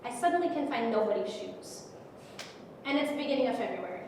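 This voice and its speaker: A woman's voice: fairly high pitch, lively intonation, fairly quick, darkish tone, slight background noise. A middle-aged woman giving an emotional personal testimony, telling her story vividly with quoted dialogue. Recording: echoey hall, speaker far from mic.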